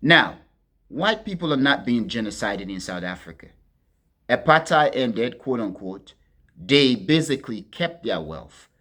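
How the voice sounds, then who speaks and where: A man hosting a political commentary monologue, talking to his listeners as friends in a deliberate, emphatic way and leaning hard on key words. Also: medium pitch, sing-song. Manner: deliberate, addresses listeners as friends, stresses words with sharp swings in loudness.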